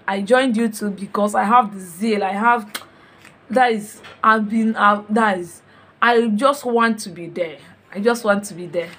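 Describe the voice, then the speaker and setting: A woman telling a story in a casual vlog, animated and full of exclamations, repeating her words. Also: on the high side, slight background noise. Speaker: vlogger. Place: home in Europe.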